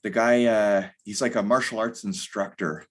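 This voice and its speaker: A man's voice: fairly low pitch, steady tone, normal speed. A man in his thirties, a podcast guest talking candidly in a rambling way, full of fillers. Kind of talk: casual conversation.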